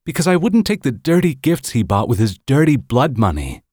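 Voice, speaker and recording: A man's voice: mid-range voice, sing-song, normal speed, a little mellow, husky, no echo, clean studio sound, pitched above the performer's own voice. A man voicing a shaken young woman who feels guilty, her voice wobbly and tearful, in an audiobook.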